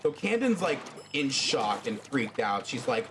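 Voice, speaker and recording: Man narrating his fan story on a stream, lively pitch, rambling. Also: unhurried, noisy background. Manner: animated, rambling, many fillers. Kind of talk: casual spoken storytelling.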